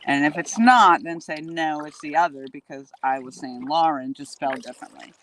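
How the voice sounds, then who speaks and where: A woman's voice: low voice, brisk, a bit bright, slight background noise. Chatty woman live streaming from a kayak. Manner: chatty, talks straight to viewers. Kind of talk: casual live-stream chat. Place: outdoors on a lake, in a kayak. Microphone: handheld phone camera.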